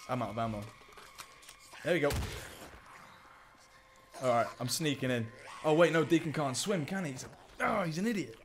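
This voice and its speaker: A young man commentating a video game playthrough, joking and talking to the characters on screen. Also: on the high side. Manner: excitable, jokey, talks to the game characters. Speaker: gaming YouTuber. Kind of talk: let's play commentary.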